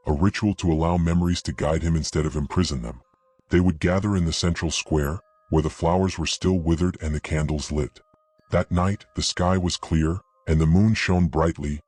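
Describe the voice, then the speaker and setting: A man narrating a horror story in a steady, even scripted read, with a husky voice. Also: low-pitched, no room sound.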